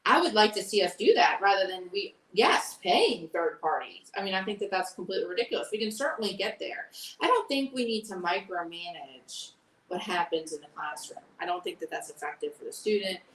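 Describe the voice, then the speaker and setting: A woman's voice: medium pitch, expressive, brisk, a bit bright. Earnest woman, echoey distant sound. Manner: earnest, explanatory, with frequent fillers. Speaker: school board candidate. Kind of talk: candidate forum answers. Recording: echoey room, voice from far off.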